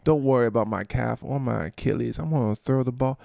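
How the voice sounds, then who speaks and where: A man's voice: mid-range voice, a little fast, vocal fry, dark tone, no echo, studio quality, lightly acted. A man doing a cocky, laid-back quarterback. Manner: laid-back, boastful drawl.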